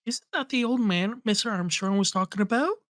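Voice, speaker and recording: A woman's voice: medium pitch, brisk, slight background noise, lightly acted. A woman reading a chatty young sidekick.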